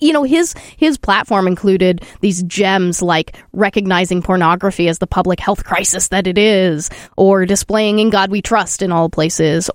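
A chatty woman from the hosts a casual discussion at a middling pitch. She laughs easily and leans on fillers. Her voice is recorded close and dry. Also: no echo. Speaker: podcast host.

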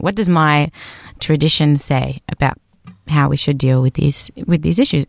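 A woman's voice: extremely low pitch, darkish tone, no echo, studio quality. A woman musician talking reflectively in an interview, rambling with restarts. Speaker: musician guest. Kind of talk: conversational podcast interview.

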